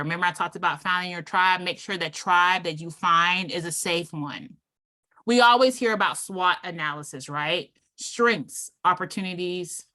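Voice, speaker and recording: A woman giving a motivational club speech, emphatic and deliberate, pausing between numbered points. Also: lowish voice, sharp tone. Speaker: club speaker.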